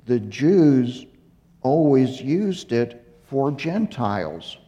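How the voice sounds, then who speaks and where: A man giving a Bible teaching, speaking slowly and haltingly with fillers and self-corrections, a little out of breath. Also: medium pitch, very animated, dark tone. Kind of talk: unhurried Torah teaching. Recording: muffled recording in a reverberant hall.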